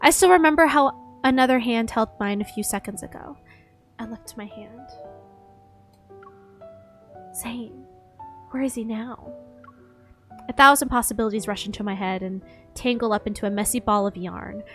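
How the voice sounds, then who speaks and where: A woman's voice: a little high, normal speed, pauses often, soft background music. Young woman reading game story aloud. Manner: reads narration, breaks off into joking asides. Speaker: streamer.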